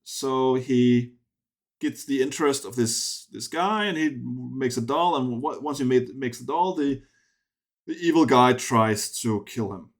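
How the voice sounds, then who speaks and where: A man talking through a film review in a loose, rambling way. He restarts his sentences often and sounds dismissive and sardonic. His voice sits at an ordinary pitch for a man. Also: unhurried. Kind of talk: casual spoken film review.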